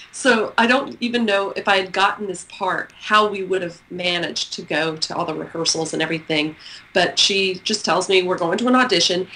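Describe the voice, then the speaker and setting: A middle-aged woman from Texas, telling a story as an interview guest, lively and expressive and laughing often. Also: lowish voice, low-quality recording. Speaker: guest author.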